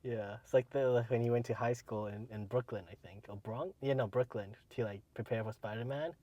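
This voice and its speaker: A man co-hosting a casual podcast, rambling with many fillers and letting his sentences trail off quietly. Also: mid-range voice, fairly quick, dry recording. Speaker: podcast co-host.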